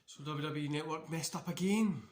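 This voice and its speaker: A man's voice: a little high, normal speed, a little mellow, a little hiss or hum. A man hosting a casual wrestling watch-along, talking in a loose, rambling way. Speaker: wrestling channel host. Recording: echoey room.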